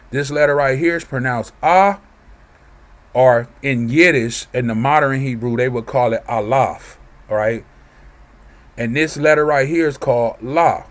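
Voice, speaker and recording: A man teaching from scripture in a loose, conversational way, reading verses aloud and often checking in with listeners. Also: medium pitch. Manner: conversational, keeps asking "right?". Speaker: preacher.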